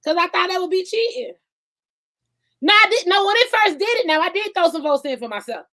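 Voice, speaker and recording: A woman with a high voice hosts her own podcast in relaxed chat. She laughs easily and swings from loud, hyped bursts down to murmured side remarks. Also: fast talker. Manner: laughing, chatty, loud bursts then dropping soft. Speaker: podcast host. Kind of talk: casual live-stream chat.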